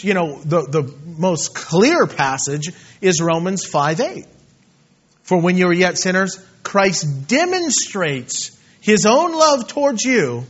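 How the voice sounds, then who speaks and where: A male pastor delivers a sermon in a fairly high voice, dropping to soft asides and then rising into loud, emphatic bursts. The recording is dull and lo-fi. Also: husky.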